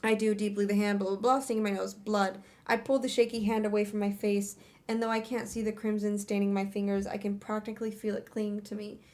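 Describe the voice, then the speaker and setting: A woman's voice: mid-range voice, flat delivery, brisk, darkish tone. A young woman streamer reading a fantasy novel aloud in first person, with casual asides and curses between passages. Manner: reads in first person, breaks off to laugh and curse. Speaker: streamer hosting a book club reading.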